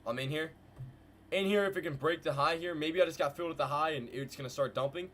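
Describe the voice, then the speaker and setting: Excitable man hyping live trades. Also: a little high, fast. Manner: hyped, slangy, talks to chat with "guys" and "bro"; repeats phrases in bursts. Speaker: trading livestream host. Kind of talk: live market commentary. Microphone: desk mic with headphones.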